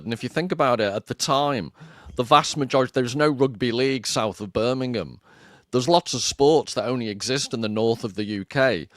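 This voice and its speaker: A man's voice: mid-range voice, no room sound, clean studio sound. A man from northern England telling stories and giving opinions in a casual conversation. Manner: storytelling, opinionated. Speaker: guest.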